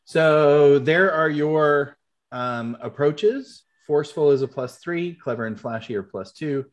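A man's voice: fairly high pitch, unhurried, lo-fi sound. A man running a tabletop game as game master, explaining rules patiently with lots of fillers.

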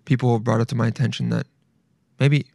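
A man's voice: medium pitch, fairly even intonation, fast talker, gravelly, warm tone, no room sound, clean studio sound. A young man hosting a casual solo podcast, talking in a loose, emphatic way and swearing freely. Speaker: podcast host.

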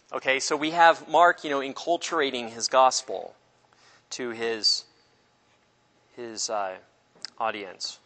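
A man teaching an informal Bible study class, animated and joking, acting out the people in the stories. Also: medium pitch, normal speed, long reverb tail. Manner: animated, jokey, acts out voices of people in the story.

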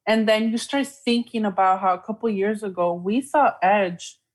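A woman co-hosting a podcast in casual chat, talking in an excited, emotional way and laughing often. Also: medium pitch, normal speed. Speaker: podcast co-host.

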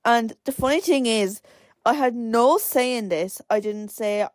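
A nineteen-year-old Irish podcast host with an expressive, fairly high voice chats on her own at a moderate pace, rambling and filling her speech with lots of "like." It's recorded in clean studio sound, with no room sound.

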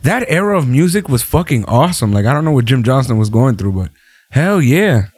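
A man co-hosting a casual wrestling podcast, loose and profane, quick to laugh and joke. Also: medium pitch, sing-song, darkish tone, breathy edge. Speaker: podcast co-host.

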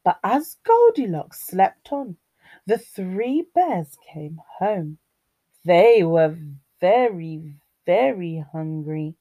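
A woman reading a fairy tale aloud to children, expressive and sing-song, talking to her young listeners. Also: lowish voice, extremely slow, highs cut off. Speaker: children's storyteller.

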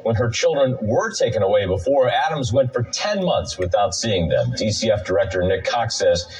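Lively-voiced male news reporter. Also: fairly low pitch, rough recording. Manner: measured reporting delivery.

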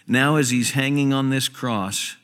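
A man's voice: medium pitch, measured pace, fairly bright tone. Pastor guy preaching, punches and repeats his points, long church reverb. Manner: emphatic, repeats key phrases for stress. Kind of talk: sermon. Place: church sanctuary.

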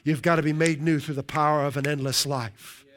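Pastor, male, slightly high pitch, emphatic sermon delivery with stretched key words. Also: fairly even intonation, a bit bright. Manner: emphatic preaching with drawn-out key words and frequent "right?".

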